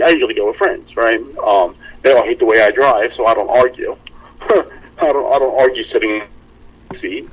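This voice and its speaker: A young man with a husky, slightly rough voice co-hosts a podcast in loose, casual chat. He tells his story with animated energy, curses freely and plays out the back-and-forth of the people in it. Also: mid-range voice, poor audio. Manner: animated storytelling, swearing and acting out quoted friends. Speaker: podcast co-host.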